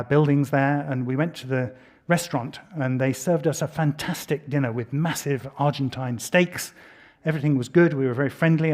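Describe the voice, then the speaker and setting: A man's voice: on the high side, darkish tone. A middle-aged man from Britain giving a public lecture, telling a story with dry asides and frequent restarts. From United Kingdom.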